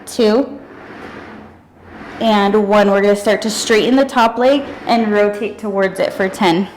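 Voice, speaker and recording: A young woman fitness instructor leads a workout, counting down, cheering and whooping, sometimes out of breath. Her mid-range voice moves a little slowly. The low-quality recording carries a faint hiss or hum.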